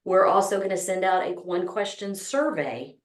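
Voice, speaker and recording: A woman's voice: mid-range voice, normal speed, roomy sound. A woman with a Texas accent hosting an online business summit, talking enthusiastically with many ums and restarts. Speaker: summit host. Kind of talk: opening remarks at an online summit.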